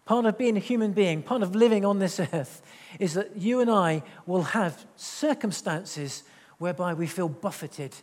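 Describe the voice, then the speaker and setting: A man preaching a sermon, reading scripture aloud and slowing down to stress key words. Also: high voice, lively intonation, a little mellow, long reverb tail. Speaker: pastor. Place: church hall.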